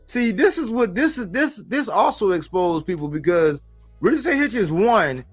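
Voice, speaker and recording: A man's voice: sits high, sing-song, moderate pace, soft background music. A man hosting a boxing livestream, talking in a casual, profane way full of street slang. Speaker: boxing podcast host.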